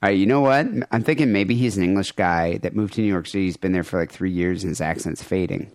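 A man's voice: low-pitched, fast talker, a little mellow, dry recording. A man hosting a comedy podcast, trading loose, crude banter and laughing often. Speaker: podcast host. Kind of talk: casual comedy podcast chat.

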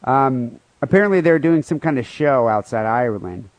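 A man's voice: medium pitch, lively intonation, normal speed, no room sound. A man co-hosting a comedy podcast, telling a news story in crude, profane banter with mock outrage. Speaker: podcast co-host.

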